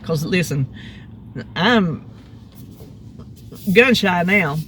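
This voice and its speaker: A woman's voice: fairly low pitch, drawn-out words, slight background noise. A middle-aged woman, telling a rambling story in a casual vlog. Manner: chatty, rambling, animated retelling. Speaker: vlogger. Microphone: phone.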